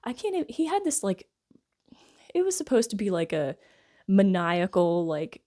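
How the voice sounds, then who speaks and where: A woman's voice: mid-range voice, big pitch swings, normal speed, mellow. A woman giving a casual, rambling film review, wry and full of fillers like "like" and "I guess.". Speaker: movie reviewer.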